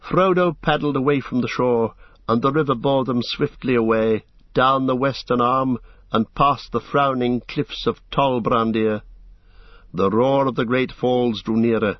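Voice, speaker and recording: A man reading a storybook aloud as narrator, in a steady, measured way. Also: medium pitch, dry recording. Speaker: audiobook narrator. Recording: dull lo-fi dry recording.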